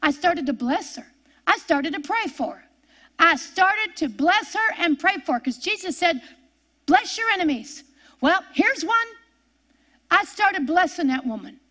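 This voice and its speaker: A woman's voice: very high-pitched, big pitch swings, unhurried, pushed and bright. An older woman preaching a fervent sermon, repeating her refrains and telling stories from her own life.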